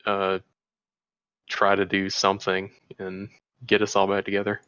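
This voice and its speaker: A man's voice: deep voice, completely flat delivery, a little slow, fairly bright tone, smooth, no room sound, muffled recording. A man playing a tabletop game and chatting casually in a laid-back way as he plans the next moves. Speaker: player.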